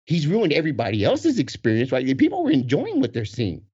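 A man in his forties spins a lively story, his husky voice leaping up and down as he acts out the other people in it. He laughs often as he talks. The recording sounds dull and lo-fi. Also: on the high side, quick pace. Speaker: guest telling a story. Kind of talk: casual storytelling.

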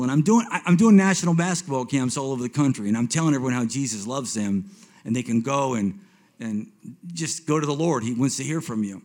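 A man's voice: medium pitch, a little fast. Man in his fifties giving testimony. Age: 50s. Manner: swings between hushed and excited, repeats himself. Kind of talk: personal testimony sermon.

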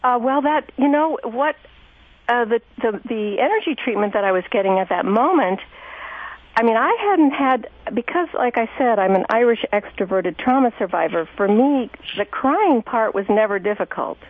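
A woman's voice: on the high side, animated, moderate pace, no echo. A woman therapist hosting an interview, talking in an effusive, enthusiastic way with many restarts. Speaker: host and therapist. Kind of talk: conversational interview. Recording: phone-like lo-fi radio audio.

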